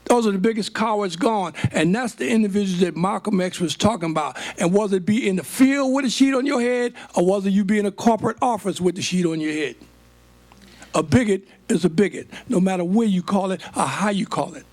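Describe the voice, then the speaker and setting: An older American man, speaking as a guest on stage, tells stories from his life in a high-pitched, slightly fast voice. He's an animated storyteller who acts out quoted dialogue.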